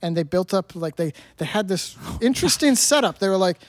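A man's voice: high-pitched, lively intonation, fairly quick, dry recording, studio quality. A man co-hosting a casual movie podcast, talking in a rambling way with frequent restarts and repeated words. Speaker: podcast co-host.

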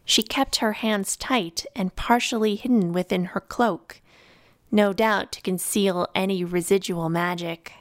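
A woman narrating a fantasy novel in a calm, measured storytelling voice. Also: medium pitch, no room sound, clean studio sound. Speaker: audiobook narrator. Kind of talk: scripted narration.

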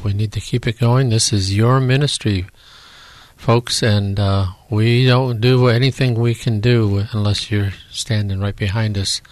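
Folksy, grateful male co-host. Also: lowish voice. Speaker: show co-host.

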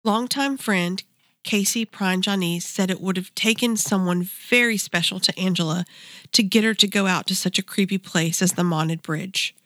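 A woman host narrates in a measured, dramatic way. The sound is close and dry, with no room around her. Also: medium pitch, fairly bright tone, no room sound. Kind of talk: interviewing and scripted narration.

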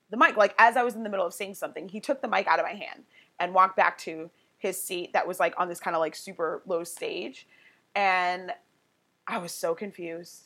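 A woman's voice: medium pitch, a bit bright. A woman guest on a podcast, telling a personal story in a candid, conversational way full of "like" and "you know". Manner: candid and emotionally open.

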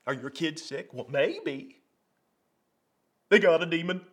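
A man's voice: on the high side, expressive, slow pace, fairly bright tone, breathy edge, exaggerated voice. A man putting on a Texas accent to voice a folksy male televangelist who asks rhetorical questions about demons. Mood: preachy. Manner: drawling, rhetorical preacher questions.

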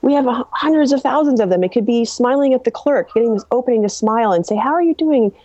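A woman's voice: fairly high pitch, quick pace, no room sound, dull audio. A woman author and coach answering interview questions, telling client stories and acting out the people in them. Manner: animated, acts out quoted people.

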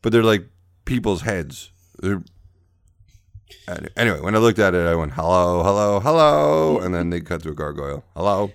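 A man's voice: sits low, fairly quick, pauses often. A man co-hosting a podcast over a video call, rambling and teasing in casual chat. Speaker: podcast co-host.

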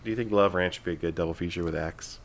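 A man's voice: low-pitched, racing, very noisy. A man co-hosting a casual film discussion, asking questions and joking loosely. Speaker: podcast co-host.

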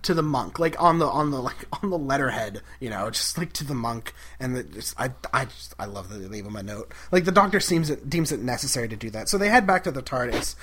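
A man's voice: medium pitch, animated, fast, few pauses, fairly bright tone, slightly rough. A man co-hosting a podcast, recapping an episode in casual chat, enthusiastic and giggly with lots of fillers. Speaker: podcast co-host.

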